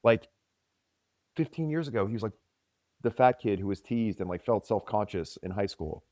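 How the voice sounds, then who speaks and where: A man's voice: fairly low pitch, animated, moderate pace, darkish tone, no room sound. A man co-hosting a podcast and coaching fitness, teasing and joking in casual banter. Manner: joking, teasing, playful impressions.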